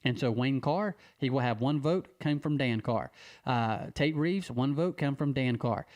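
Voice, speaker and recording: A man from Mississippi, speaking an earnest direct-to-camera appeal, repeating key phrases with slow emphasis. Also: medium pitch, a little mellow. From Mississippi, USA. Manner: repetitive, emphatic, with slow stressed phrases and restarts. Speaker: civic advocate addressing viewers.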